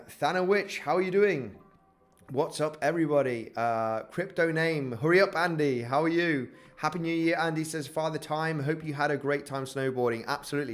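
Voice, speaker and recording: A man hosting a casual crypto trading livestream, upbeat and hyped, greeting chat viewers and filling with "you know" and "guys". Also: mid-range voice. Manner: upbeat, hypes the chart, greets chat viewers by name, says "guys" a lot; filler-heavy, many "you know" and restarts.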